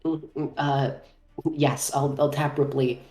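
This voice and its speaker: A woman's voice: extremely low pitch, steady tone, a little slow, a little mellow, faint music behind. A woman playing in a tabletop game, hesitant and thinking aloud as she plans her moves. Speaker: player. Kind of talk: casual tabletop play. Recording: echoey room.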